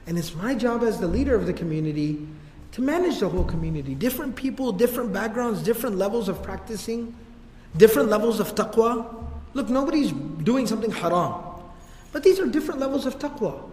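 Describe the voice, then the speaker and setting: A patient, firm leader talking an old friend down in a soft, reasoning tone, as a teacher acts him out. The voice sits high and echoes through a large hall. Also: male voice, animated, quick pace. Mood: calm. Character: calm male community leader, patient and firm.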